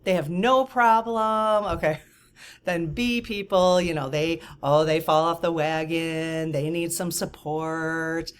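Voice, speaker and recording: Host, woman, 50s, low voice, casual storytelling, exasperated asides. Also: takes it slowly, clear, resonant tone. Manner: animated, exasperated, frequent asides and quoted dialogue. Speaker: channel host.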